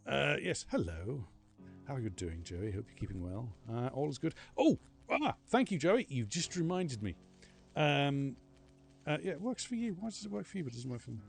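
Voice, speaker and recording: A man's voice: mid-range voice, big pitch swings, moderate pace, vocal fry, faint music behind. A man streaming a game live, chatting casually with viewers in a rambling, self-mocking way. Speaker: livestreaming gamer. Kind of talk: casual live gameplay chat.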